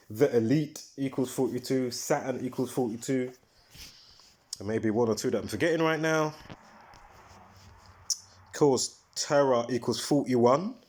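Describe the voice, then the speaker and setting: A man's voice: medium pitch, darkish tone. A man hosting a casual livestream, talking in a rambling, emphatic way and breaking off mid-thought to recall details. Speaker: livestream host.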